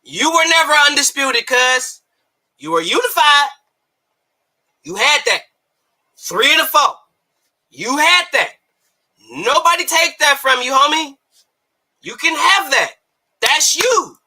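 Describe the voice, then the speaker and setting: A man giving heated, profane boxing commentary, often breaking into shouts. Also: extremely high pitch, big pitch swings, slow pace, pauses often. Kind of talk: ranting commentary.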